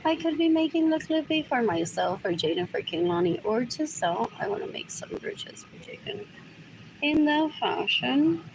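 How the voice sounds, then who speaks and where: A higher-pitched woman rambling through a live stream from her apartment. She repeats the same short question over and over in a low mutter and drifts between English and Spanish. The recording has a steady background hiss. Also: moderate pace, vocal fry. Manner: switches between English and Spanish mid-sentence. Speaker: livestreamer. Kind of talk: rambling livestream monologue.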